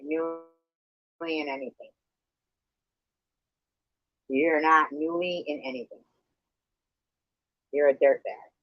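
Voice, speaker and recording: A man's voice: on the high side, big pitch swings, slow pace, gravelly, long pauses, no room sound. A man in a heated livestream argument, hostile, profane and accusing. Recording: dull lo-fi stream audio.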